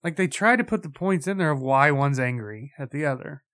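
A man's voice: fairly high pitch, animated, brisk, fairly bright tone. A man in casual chat reviewing a movie, blunt and sarcastic, swearing freely.

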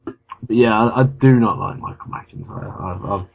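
A man's voice: on the low side, measured pace, creaky. A man co-hosting a casual comedy podcast, blunt and sweary, laughing as he rants. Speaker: podcast co-host. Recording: dull lo-fi podcast audio.

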